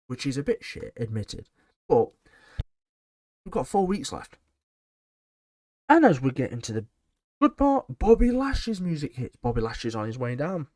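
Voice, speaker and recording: Man, sarcastic wrestling recap, blunt and rambling, mid-pitched voice, dry close sound. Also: huge pitch swings, moderate pace, pauses often, a little mellow, no echo. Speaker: wrestling show reviewer. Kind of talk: casual recap commentary.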